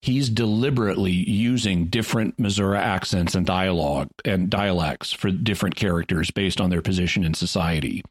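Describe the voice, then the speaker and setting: A man with a very low voice talks through a point in a relaxed podcast chat. He explains at length, often stopping to rephrase as he goes. The sound is dry and close. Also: a little fast, hardly any pauses, husky, no room sound. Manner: thoughtful, explanatory, with restarts. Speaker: podcast co-host. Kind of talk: casual discussion. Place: lives in the Ozarks.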